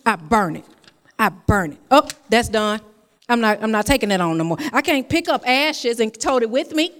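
A woman's voice: high-pitched, long reverb tail. A woman preaching a sermon in a church, talking to the congregation and repeating her phrases. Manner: conversational preaching, repeats phrases, tells personal stories.

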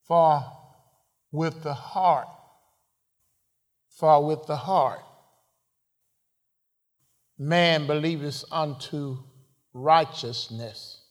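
A man preaching in a slow, deliberate sermon, his voice sitting a little high for a man. He leans on rhetorical questions and swells into sudden emphatic phrases. A long reverb trails each line, like a large church hall.

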